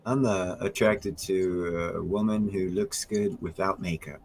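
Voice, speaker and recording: A man's voice: low voice, steady tone, a little slow, slight background noise, rough recording. A man chatting casually with friends about old movies, joking and restarting his sentences. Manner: joking, enthusiastic, restarts often. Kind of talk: casual chat.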